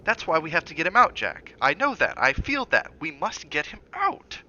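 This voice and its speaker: Guy reading a worried young wife, urgent and pleading, bright sharp tone, bit muffled. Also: mid-range voice, animated, a little fast. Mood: anxious. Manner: urgent, rising when pleading, hushed when soft.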